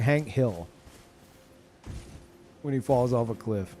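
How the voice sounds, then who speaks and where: A man streaming a game live, chatting casually to his viewers, excitable, swearing freely and laughing often. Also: mid-range voice, measured pace, slight background noise. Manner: talks to chat. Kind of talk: casual live gameplay commentary.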